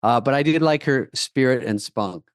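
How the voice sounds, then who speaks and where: A man's voice: medium pitch, normal speed, no room sound, clean studio sound. A man co-hosting a casual comedy podcast, cracking profane jokes as he reacts to clips. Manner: wisecracking, profane, laughs easily. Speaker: podcast co-host.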